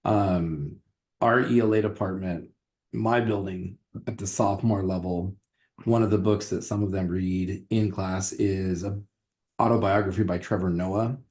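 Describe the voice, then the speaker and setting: A man's voice: sits low, steady tone, measured pace, darkish tone. A man who teaches history, co-hosting a casual podcast and rambling with restarts and fillers.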